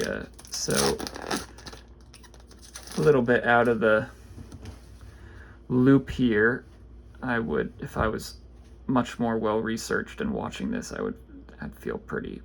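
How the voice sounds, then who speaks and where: A man chats his way through a card pack opening, reading names under his breath and rambling about what he pulls. His voice is gravelly and a little husky. He takes his time, yet his pitch swings around freely as he goes. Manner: rambling, reads card names aloud, drops into low muttering. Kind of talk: casual pack-opening commentary.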